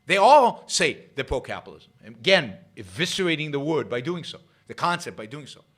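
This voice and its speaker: A man's voice: fairly high pitch, very animated, brisk, a bit bright, slightly rough. A man hosting his own show, delivering an argumentative solo commentary to a live audience and hammering points home by repeating phrases. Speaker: show host. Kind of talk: solo political commentary livestream.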